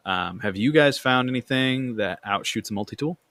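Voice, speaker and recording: A man's voice: mid-range voice, lively intonation, moderate pace, a bit bright, no echo. A man hosting a casual gaming podcast, rambling with fillers and restarts. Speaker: podcast host.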